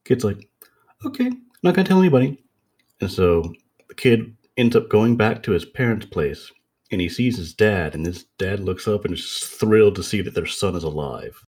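A man casually retelling a story to friends in a relaxed, rambling way with lots of filler words. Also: low voice, moderate pace, husky.

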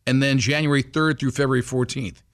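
A man's voice: medium pitch, fairly even intonation, fairly quick. A man hosting a radio show, chatting loosely and jokingly with plenty of fillers, on a studio microphone. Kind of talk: casual morning radio chat.

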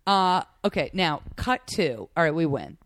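A woman comedian hosting a casual chat, telling an animated, excitable story with many restarts. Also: deep voice, measured pace, no echo. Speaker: comedian podcast host.

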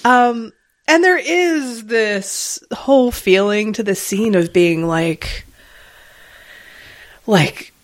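Woman co-host, casual rambling analysis, even middle pitch. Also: very slow, pauses often. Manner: rambling, analytical, many "like" fillers. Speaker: podcast co-host. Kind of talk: casual chat.

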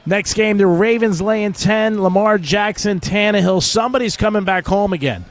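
A man's voice: sits high, moderate pace. A middle-aged man hosting sports betting talk radio, chatty and joking as he tells stories. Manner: chatty storytelling with jokes.

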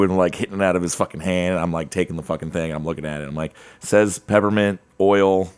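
A man co-hosting a podcast, telling a story in a casual, profane, animated way with lots of filler words. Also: sits low, a little fast, few pauses, clean tone. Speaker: podcast co-host.

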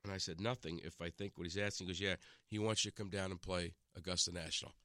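Man telling animated stories, bright voice. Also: low voice, fast, no room sound, clean studio sound. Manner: animated, acts out quotes, many restarts. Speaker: in-studio guest. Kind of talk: casual storytelling chat. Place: radio studio. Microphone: studio microphone.

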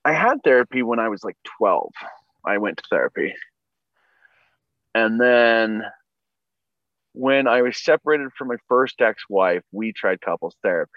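A man's voice: on the low side, expressive, a little slow, long pauses, no room sound, muffled recording. A man co-hosting a podcast, speaking casually with dry, wry remarks. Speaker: podcast co-host. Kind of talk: casual chat.

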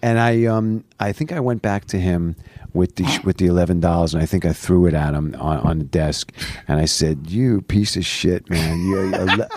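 A man telling a long story as a podcast guest, animated and full of restarts, recorded in a studio late at night. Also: low-pitched, brisk, dry recording. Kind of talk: casual storytelling.

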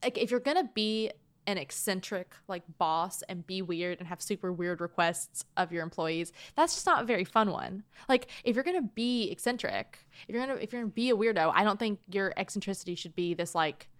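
A woman's voice: medium pitch, animated, a little fast, no echo. A woman co-hosting a podcast in casual chat, talking loosely with many "like"s and some swearing. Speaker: podcast co-host.

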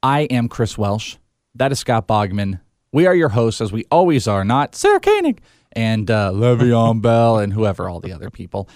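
A man's voice: fairly low pitch, huge pitch swings, normal speed, darkish tone, no room sound, studio quality. A male podcast host opening the show in a casual, joking, rambling way. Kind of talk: casual chat.

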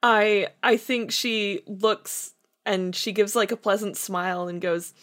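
Female player; slow pace, hesitant, lots of ums and pauses. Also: mid-range voice, fairly even intonation, fairly bright tone. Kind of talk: playing a tabletop game.

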